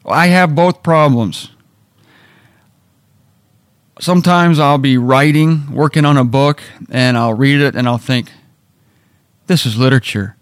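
A man's voice: medium pitch, measured pace, long pauses, dry recording, studio quality. A middle-aged man hosting a casual devotional talk, telling self-deprecating stories. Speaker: radio host.

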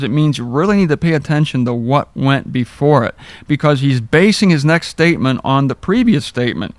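A man teaching the Bible verse by verse in a conversational, wry way, rereading verses slowly for emphasis. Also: mid-range voice, lively intonation, no room sound.

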